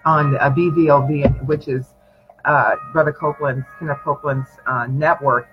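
A pastor with a somewhat high voice preaches encouragement, adding emphatic affirmations as he goes. The recording sounds dull and lo-fi, with faint music underneath. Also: fairly even intonation, moderate pace. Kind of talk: preaching in a prayer session.

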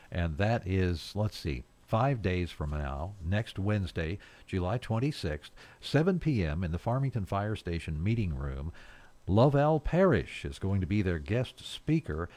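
A very deep-voiced man hosts a local morning radio show from the studio. He talks in a folksy, rambling way, reading community notices and drifting into jokes and chuckles. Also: darkish tone. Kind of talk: casual radio chat.

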